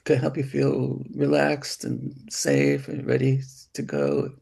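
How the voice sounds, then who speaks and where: Slow, gravelly man, dark and husky, a gentle therapist demoing a session, full of restarts. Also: medium pitch, big pitch swings. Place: symposium hall, hybrid session.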